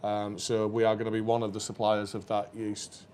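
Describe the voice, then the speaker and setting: A man's voice: fairly low pitch, completely flat delivery, normal speed, a little mellow, slight background noise. A man co-hosting a live brewery stream, chatting casually and rambling with fillers. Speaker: brewery co-host. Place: brewery taproom.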